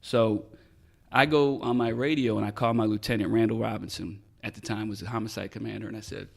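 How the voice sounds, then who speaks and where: A man's voice: fairly low pitch, fairly quick, gravelly. A middle-aged man, a retired detective, telling a story in a podcast interview. He is casual, swears freely and acts out the dialogue. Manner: animated storyteller who acts out quoted dialogue. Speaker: retired police detective, guest.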